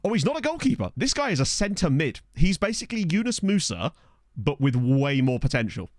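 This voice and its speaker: Chatty man with a lively voice. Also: on the high side, no room sound, studio quality. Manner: chatty and jokey, thanking viewers, quick laughs. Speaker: streamer playing a football management game. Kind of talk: casual live-stream chat. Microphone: desk microphone.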